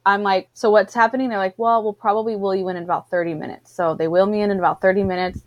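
A woman in her thirties chatting casually, telling a story in an animated way and acting out what people said. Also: mid-range voice, fast, dry recording, dull audio. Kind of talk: casual chat.

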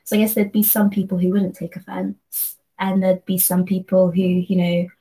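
Earnest woman, flat even voice. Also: on the low side, normal speed, rough recording. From London, England. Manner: earnest, thinking aloud with frequent restarts. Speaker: guest, company associate. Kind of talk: reflective conversational discussion.

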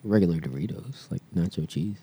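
Rambling low-voiced man co-host. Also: a little fast, mellow, husky. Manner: rambling, hesitant, lots of fillers. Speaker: podcast co-host. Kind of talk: casual chat.

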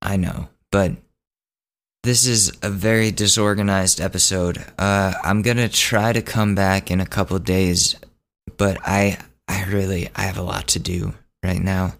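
A man's voice: deep voice, steady tone, measured pace, a bit bright. A young man in his twenties telling a rambling story on his solo podcast, correcting himself as he goes. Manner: rambling, self-correcting, acts out quotes. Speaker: podcast host.

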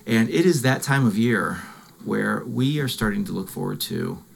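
A man's voice: on the low side, animated, moderate pace, creaky. A man hosting a podcast in a casual, chatty way, stumbling over his words and laughing often. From Illinois, USA. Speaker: podcast host. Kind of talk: casual chat.

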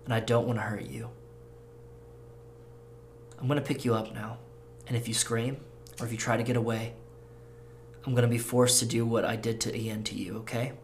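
A man voicing a cold, masked male kidnapper who talks quietly and levelly with menace. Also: medium pitch, steady tone, normal speed, long pauses, slight background noise, natural voice. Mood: calm threat.

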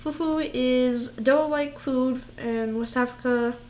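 Woman, higher voice, casual and giggly, hesitant reader. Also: steady tone, slow, a little mellow. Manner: giggly, hesitant, stumbles over foreign words. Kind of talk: casual chat reading out national dishes.

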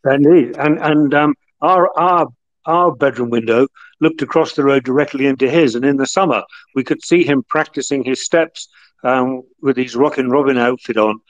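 A middle-aged man from the North of England, a guest who once served as a football club's chief executive, tells long, relaxed anecdotes packed with fillers and restarts. He has a medium-pitched voice and speaks at a normal speed. The audio is lo-fi and slightly muffled.

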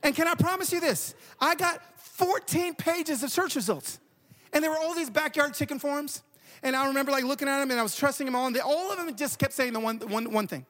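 A man preaching a sermon, an animated storyteller who often repeats words. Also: very high-pitched, a little fast. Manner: animated, repeats words while telling stories. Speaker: pastor.

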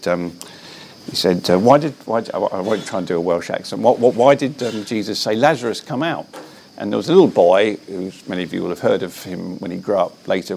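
Earnest low-voiced preaching man, gravelly. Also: a little hiss or hum. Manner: earnest, animated, frequent restarts. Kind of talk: preaching in an interview. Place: Belfast.

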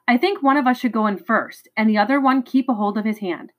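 A woman's voice: on the high side, a little fast, fairly bright tone, natural voice. A brave ten-year-old boy from a storybook, speaking earnestly and with resolve, as a woman reading aloud voices him. He sounds plain and determined.

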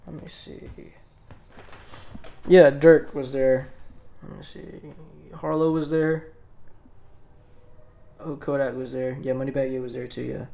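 A young man in casual chat, relaxed and joking, talking in slang. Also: mid-range voice, a little slow, gravelly, pauses often.

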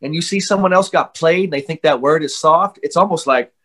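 A man's voice: on the high side, a little fast, fairly bright tone. A man in his forties, a mental skills coach, talking as an interview guest in swaggering, fired-up trash talk full of slang.

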